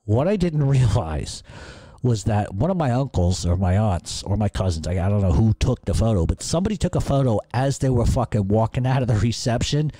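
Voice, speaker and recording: Middle-aged male podcast host, low and mellow, dry close sound, profane and rambling. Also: expressive, brisk, no echo. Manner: profane, rambling, laughs at own stories. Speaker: podcast host answering listener questions. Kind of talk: casual storytelling Q&A.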